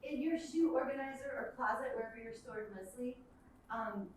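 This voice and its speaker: A woman's voice: a little high, normal speed, a little hiss or hum. A woman in the audience of an improv show asking a polite, hesitant question. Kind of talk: improv comedy. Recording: very echoey, from far off the mic.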